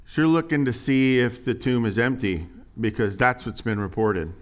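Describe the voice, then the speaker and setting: A man preaching a sermon in a conversational, animated way, reading scripture aloud with rising emphasis. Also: medium pitch, normal speed. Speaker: pastor.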